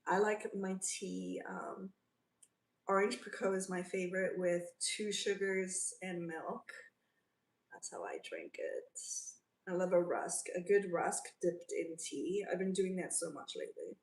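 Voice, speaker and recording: A woman's voice: lowish voice, steady tone, unhurried, creaky. A woman from South Africa hosting a casual livestream, chatting and reading out and answering viewer comments. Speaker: livestream host. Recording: roomy, from a distance.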